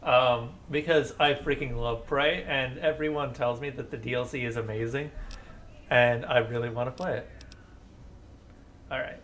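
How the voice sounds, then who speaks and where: A young male streamer chatting casually over gameplay, rambling between topics and firing sarcastic remarks at the characters. His voice sits at a middle pitch, with faint noise underneath. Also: steady tone, normal speed, a bit bright. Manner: rambling, sarcastic, talks back to the game. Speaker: game streamer.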